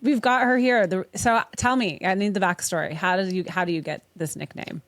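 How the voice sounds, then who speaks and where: A woman's voice: mid-range voice, fairly quick, dry recording. A woman hosting a podcast, chatting casually, swearing freely and laughing often. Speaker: podcast host. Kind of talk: casual interview chat.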